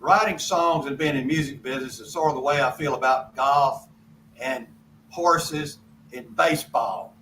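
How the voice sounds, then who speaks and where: A man's voice: medium pitch, moderate pace, bright, forceful tone, recorded from a distance, slight background noise, poor audio. An older man, a guest songwriter telling rambling folksy anecdotes on a video call. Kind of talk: casual storytelling interview.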